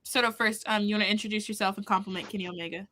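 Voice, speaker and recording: A woman co-hosting a live charity stream in casual chat, giggly and excitable, talking over a video call. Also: mid-range voice, a little hiss or hum. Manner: giggly, excitable, quick bursts of laughter. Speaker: stream co-host.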